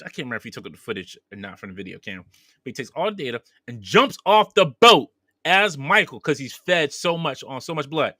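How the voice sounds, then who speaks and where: Animated bright-voiced man recapping a movie. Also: a little high, breathy edge, dry recording. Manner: animated storytelling, acting out characters' lines. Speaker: podcast co-host.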